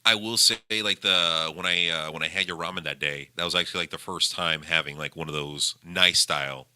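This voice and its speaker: A man's voice: deep voice, steady tone, a little fast, bright, forceful tone, clean tone, no room sound. A man co-hosting a casual podcast, rambling hesitantly with many fillers.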